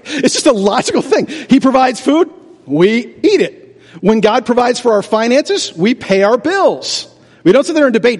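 A pastor preaching a sermon in a church, animated, asking rhetorical questions and acting out doubters. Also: male voice, very high voice, moderate pace. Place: church sanctuary. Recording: reverberant large hall.

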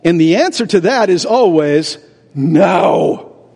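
Casting: male pastor, high voice, animated sermon delivery, rhetorical, long church reverb. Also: slow pace, vocal fry, husky. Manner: animated, rhetorical questions, acts out doubters. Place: church sanctuary. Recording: reverberant large hall.

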